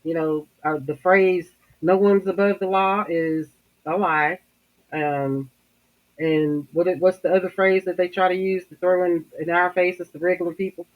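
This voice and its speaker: Podcast host, casual commentary, halting, searching for words, muffled lo-fi audio. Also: mid-range voice, fairly even intonation.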